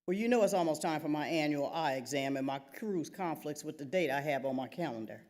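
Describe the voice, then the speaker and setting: A woman's voice: sits low, animated, brisk, darkish tone. A woman reading aloud and voicing a blunt, teasing churchgoing mother in her eighties. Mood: prim. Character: sassy churchgoing elderly mother, eighty-one.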